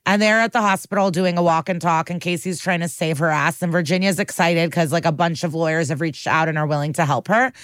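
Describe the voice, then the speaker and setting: A woman's voice: fairly low pitch, a little fast, few pauses, a bit bright, no room sound, clean studio sound. A woman co-hosting a podcast, recapping a TV episode in a chatty, profane way and acting out the characters' lines. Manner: chatty, profane, acts out quotes. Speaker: podcast co-host.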